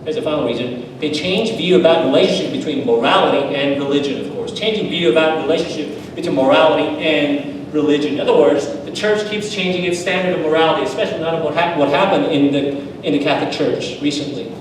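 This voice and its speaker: A man's voice: fairly high pitch, quick pace, background noise. A man, a pastor, giving a seminar talk told through stories, earnest and building to emphatic repeated lists. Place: church hall. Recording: echoey hall, voice from far off.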